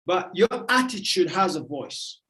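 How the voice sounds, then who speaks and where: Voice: medium pitch, very animated, a little slow, sharp tone. A motivational speaker giving a livestream talk, emphatic and repetitive in a preacherly way. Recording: roomy echo.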